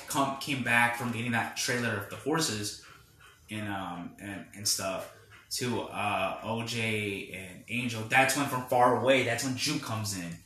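A man's voice: mid-range voice, pushed and bright. A young man hosting a podcast, rambling through a casual film review with lots of fillers. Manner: rambling, filler-heavy retelling. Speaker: podcast host. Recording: roomy echo.

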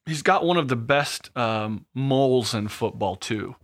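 A man's voice: mid-range voice, lively intonation, unhurried, a bit bright. A man in his thirties co-hosting a podcast, jokey and rambling in casual chat. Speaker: podcast co-host.

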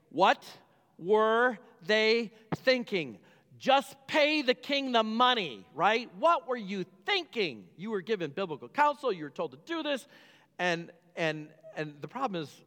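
A high-pitched male pastor tells a story from the pulpit, throwing rhetorical questions out to his congregation. His voice carries a long reverb from a large church hall. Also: a bit bright. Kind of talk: sermon.

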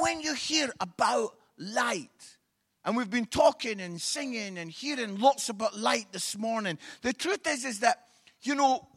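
A middle-aged man delivers a joking sermon in church. His voice sits high and sounds crisp and dry, right up close. He tells comic stories and breaks into sudden shouts. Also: dry recording. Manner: comic storyteller, bursts into shouts. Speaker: preacher. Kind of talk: humorous sermon. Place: church service.

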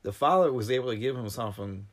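A man in casual conversation, retelling a film's plot with animated, emotional storytelling and coming close to tears. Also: medium pitch, fast talker. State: near tears. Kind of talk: casual film discussion.

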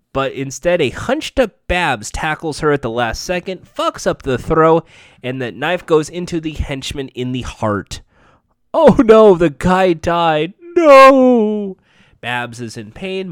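A man's voice: mid-range voice, no echo, clean studio sound. A man giving a casual, profane, sarcastic recap of a TV episode, rambling as he goes. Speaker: show recapper.

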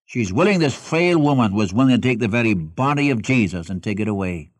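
A man's voice: lowish voice, animated, fairly quick, no room sound. A man preaching a sermon who reads scripture aloud and puts questions directly to his listeners. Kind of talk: expository sermon.

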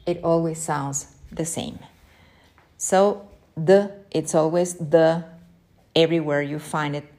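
Slow, low-voiced woman teaching. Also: a little mellow. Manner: slow, careful, repeats words for learners. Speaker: Spanish teacher. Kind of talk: pronunciation lesson.

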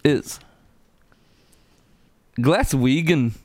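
A man's voice: fairly high pitch, expressive, extremely slow, darkish tone, no room sound. A man co-hosting a podcast, joking around, laughing and swearing in casual banter. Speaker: podcast co-host.

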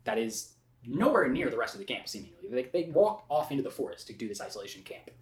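Animated podcast guy, roomy sound. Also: medium pitch, quick pace. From Texas. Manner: animated, emphatic, sarcastic. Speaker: podcast co-host. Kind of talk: casual chat. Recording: roomy echo, rough podcast audio.

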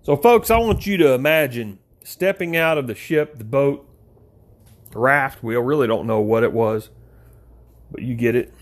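A man preaching an informal sermon, talking straight to his listeners as folks, with big swings in pitch. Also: expressive, moderate pace.

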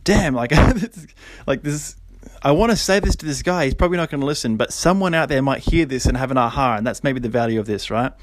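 A man's voice: mid-range voice, brisk, no echo. Young man, solo podcast host, casual but preachy, close and dry. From Australia. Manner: animated and preachy, with frequent fillers and laughs.

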